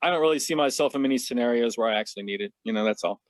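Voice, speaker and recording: A man's voice: mid-range voice, racing, no echo. A middle-aged man talking frankly and casually as a podcast guest, laughing at himself and swearing now and then. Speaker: podcast guest, martial artist.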